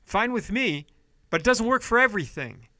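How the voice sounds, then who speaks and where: A man hosting a podcast, ranting heatedly about politics and money with a lot of swearing, then dropping to quieter apologetic stretches. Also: sits high, expressive, normal speed, no echo, studio quality. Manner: heated, profane, swings between yelling and apologetic quiet. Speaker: podcast host.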